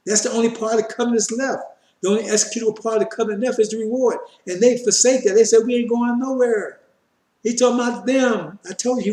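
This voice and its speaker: A man's voice: sits high, warm tone, reverberant. A man preaching a fiery sermon on scripture, repeating his points emphatically and addressing listeners as brothers. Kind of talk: fiery street-style sermon.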